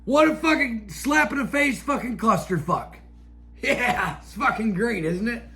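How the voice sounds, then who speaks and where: A man hosting a show, delivering a profane, angry rant that keeps flaring into shouts. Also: very high-pitched, animated, a little slow. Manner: angry, swears constantly, flares into shouts. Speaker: show host. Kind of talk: profane ranting monologue.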